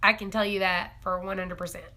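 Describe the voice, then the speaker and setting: A young woman hosts a casual homestead live stream. Her voice is bright and ringing, and she chats along with frequent giggles while answering viewer comments. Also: mid-range voice, level tone, fairly quick. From East Tennessee. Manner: chatty and giggly, reads viewer comments aloud. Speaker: homestead livestream host.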